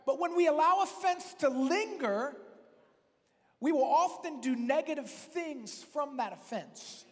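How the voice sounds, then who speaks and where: A man preaching a sermon as pastor, talking in a conversational, joking way that breaks into loud, emphatic bursts. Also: extremely high pitch, expressive, a little slow. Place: church hall. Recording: long reverb of a church hall.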